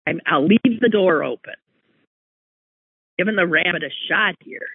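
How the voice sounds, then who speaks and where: A man telling a personal anecdote in an animated, exclaiming way, breaking off and restarting mid-sentence. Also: high-pitched, moderate pace, vocal fry, husky, no echo. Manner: animated, exclaiming, self-interrupting. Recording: tinny phone-like line, dry.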